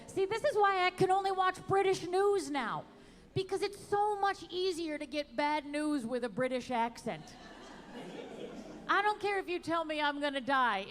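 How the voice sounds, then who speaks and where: A woman performing a wry, animated stand-up comedy set at an outdoor show. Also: sits high, normal speed, long reverb tail. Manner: wry, animated delivery with sung bits.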